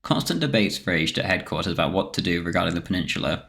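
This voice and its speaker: A man reading a scripted history documentary narration in a steady, measured way. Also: low-pitched, gravelly.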